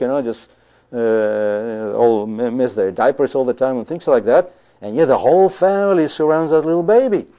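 A man preaching a sermon in an emphatic style, who often repeats himself and keeps saying "you see" and "you know.". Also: medium pitch. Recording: dull lo-fi recording.

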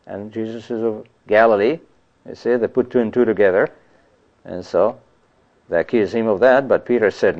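A man preaches a sermon in a conversational way, at a mid pitch, often adding "you see" and "you know". His voice comes through a slightly muffled, lo-fi recording. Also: animated, normal speed, a little mellow. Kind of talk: sermon on scripture.

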